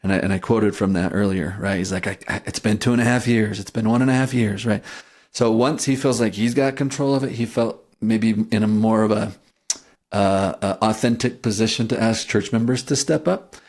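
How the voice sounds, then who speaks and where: Man, low voice, podcast co-host, casual history chat, thoughtful, restarts often. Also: steady tone, a little fast, darkish tone. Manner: thoughtful, frequent restarts and "right?" checks.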